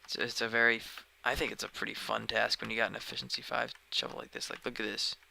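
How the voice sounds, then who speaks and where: A man's voice: fairly low pitch, little pitch movement, fast talker, gravelly, sharp tone, slight background noise, low-quality recording. A man live-streaming a game, chatting casually and rambling, often sidetracked mid-sentence, recorded at home on a dedicated microphone. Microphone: dedicated desk microphone.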